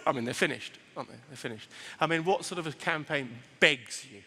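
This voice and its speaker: A man giving a lively seminar talk to an audience, animated and acting out the voices he quotes. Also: on the high side, moderate pace, in a large hall. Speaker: retail speaker.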